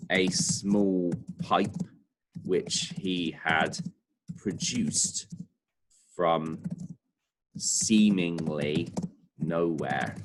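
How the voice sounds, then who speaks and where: A man's voice: low-pitched, slight background noise. A male primary school teacher, chatting and thinking aloud as he writes a lesson. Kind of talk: remote writing lesson.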